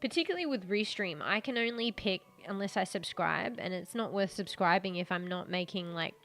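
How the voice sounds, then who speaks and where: A woman's voice: mid-range voice, a little fast, a bit bright, faint music behind. A woman streamer chatting casually with her viewers, rambling with lots of fillers and restarts, her throat sore and coughing.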